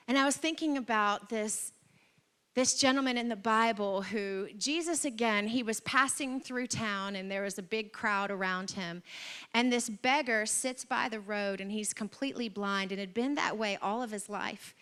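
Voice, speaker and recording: A woman pastor preaching a sermon in a church, telling stories in an animated way with humorous, exaggerated asides. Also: a little high. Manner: animated storytelling with acted-out quotes.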